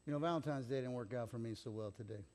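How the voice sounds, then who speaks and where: A middle-aged pastor talks fast in a mid-range, darkish voice as he preaches, the church sanctuary giving the sound a long reverb. His sermon leans on casual storytelling, and he acts out anyone he quotes.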